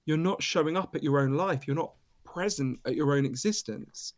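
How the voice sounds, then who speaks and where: A British man, an author being interviewed, telling stories in an animated, emphatic way and swearing casually. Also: on the high side, normal speed. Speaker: author and guest. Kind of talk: storytelling interview.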